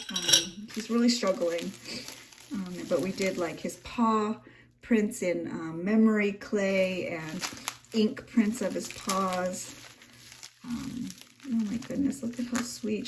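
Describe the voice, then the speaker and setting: A woman's voice: medium pitch, distant mic. A woman chatting emotionally as she unboxes a handmade gift, gushing and on the edge of tears. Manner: gushing, tearful, gasping with delight. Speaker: craft vlogger. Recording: voice a little off-mic, faint room noise.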